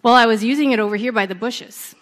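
A woman's voice: fairly high pitch, quick pace, fairly bright tone, lightly acted. A woman voicing a distressed, muddled male coyote in a told story, answering plainly. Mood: flustered.

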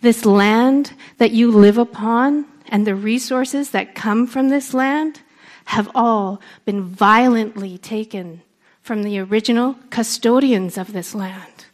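A woman from Canada, a storyteller, giving an earnest public speech with deliberate emphasis. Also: fairly high pitch. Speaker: storyteller and speaker.

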